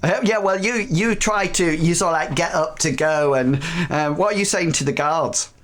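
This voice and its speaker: A man narrating a tabletop game as game master, halting with frequent fillers. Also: a little high, fairly bright tone.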